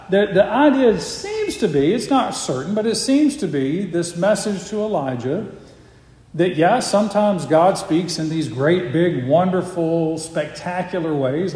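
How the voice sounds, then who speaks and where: A man preaching a sermon, reading scripture aloud and explaining it earnestly, sometimes sinking to a soft hush. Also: on the high side. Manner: earnest, drops to a soft hush for quiet moments. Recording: echoey hall.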